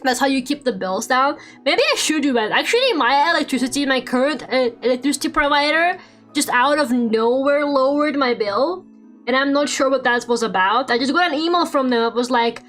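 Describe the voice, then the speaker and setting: Young woman streamer, higher voice, rambly and sweary chat, faint music behind. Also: normal speed, fairly bright tone. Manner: rambling, swears a lot, laughs often. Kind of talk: casual chat while drawing on stream.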